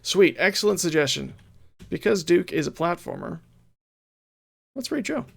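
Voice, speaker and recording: Gravelly man chatting on stream. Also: high-pitched, sing-song, normal speed. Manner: chatty and playful, reads game text with mock drama. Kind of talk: casual game stream chat, reading game text aloud.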